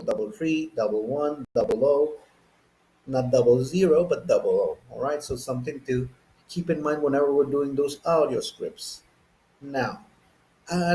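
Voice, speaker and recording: A man with a Texan accent, from the Chihuahua and Texas border area, teaching an English coursebook lesson slowly and deliberately, counting item by item. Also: a little high, darkish tone, rough recording. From Chihuahua–Texas border region.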